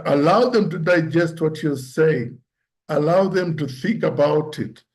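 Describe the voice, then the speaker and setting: A man giving an instructive talk on public speaking, explaining points deliberately and acting out example lines to show tone. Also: darkish tone. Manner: deliberate, demonstrates pitch and tone examples aloud.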